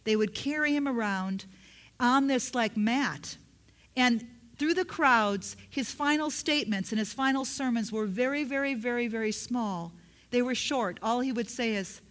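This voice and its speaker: A woman preaching a sermon in a storytelling way, correcting herself as she goes and sinking to soft whispers to stress a point. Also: a little high, unhurried. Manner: drops into soft whispers for emphasis; storytelling, with self-corrections and restarts.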